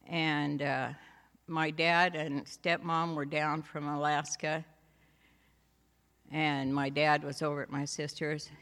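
A woman with a deep, level voice and a fairly bright tone gives her faith testimony at church, speaking slowly and pausing often. She tells it in a homey way, laughing now and then and adding asides, and a long hall reverb surrounds her voice.

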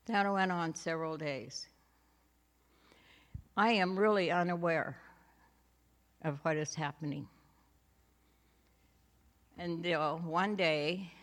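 Slowly and unhurriedly, a church speaker shares her testimony of faith in a homey storytelling style, tossing in light laughs and asides. Her lowish voice is steady and a bit bright, ringing with the long reverb of a large hall.

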